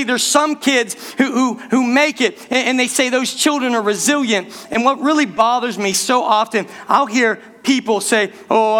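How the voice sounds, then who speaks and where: A man preaching a sermon to his church, animated and calling out to the congregation, rushing some phrases and drawing others out. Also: high-pitched. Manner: animated preaching, speeds up and slows down, calls out to the church. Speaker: pastor.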